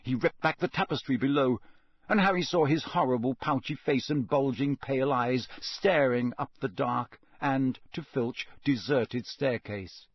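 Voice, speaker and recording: A man reading a story aloud as an audiobook narrator, in a measured, expressive way. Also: medium pitch, husky, dry recording, clean studio sound.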